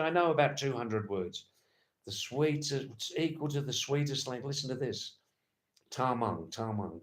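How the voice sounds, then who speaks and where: A man hosting a casual livestream from Nepal, answering viewer comments in a slow, rambling, playful way and often repeating his words. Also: mid-range voice. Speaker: livestream host.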